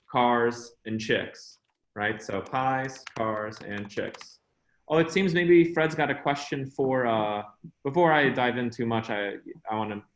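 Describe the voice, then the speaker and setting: A man's voice: mid-range voice, fairly bright tone, roomy sound, rough recording. A man giving a casual tech talk at an online meetup over a video call, chatty and rambling. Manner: chatty and rambling, lots of "you know" and "uh". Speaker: guest speaker at online meetup.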